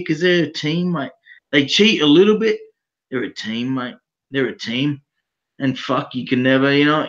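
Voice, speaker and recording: A man with an Australian accent giving blunt, excitable betting picks in casual chat, calling everyone mate and swearing freely. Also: on the high side, lo-fi sound. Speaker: guest betting analyst.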